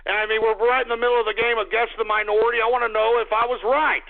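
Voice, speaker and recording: A boisterous man hosting a call-in radio show, his fairly high voice rough with gravel. He talks crudely and bursts into shouts and whoops. The sound is thin and tinny, like a phone line. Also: level tone, very fast, very noisy.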